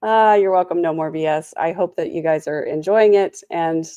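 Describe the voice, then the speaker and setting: A woman's voice: fairly low pitch, normal speed, warm tone, clear, resonant tone, no echo, highs cut off. A tired woman with a sore throat hosting a casual trial recap, full of snarky, sarcastic asides. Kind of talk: casual commentary.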